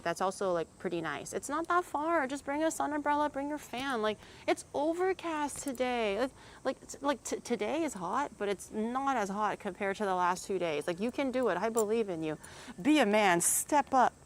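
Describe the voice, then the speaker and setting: A woman's voice: fairly high pitch, expressive, brisk, a little hiss or hum. A woman streamer in casual chat, teasing and swearing freely and laughing often.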